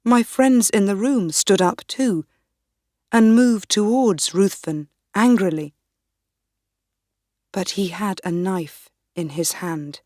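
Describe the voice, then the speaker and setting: A woman narrating a graded reader for learners in a slow, deliberate, clear reading. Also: mid-range voice, darkish tone, no room sound, studio quality. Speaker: audiobook narrator.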